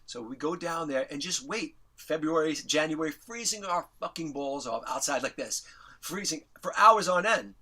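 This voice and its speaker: Man, middle-aged, from new york, bright forceful voice, excitable storyteller, acts out quotes. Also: moderate pace. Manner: excitable, acts out quotes with big pitch jumps, swears casually. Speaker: interview guest, musician. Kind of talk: animated storytelling.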